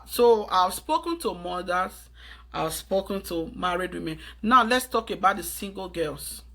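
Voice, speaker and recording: A woman's voice: lowish voice, sharp tone. A Nigerian woman lecturing her viewers in an urgent, preachy tone, slipping into pidgin phrases. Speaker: vlogger giving advice. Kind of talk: earnest advice monologue to camera.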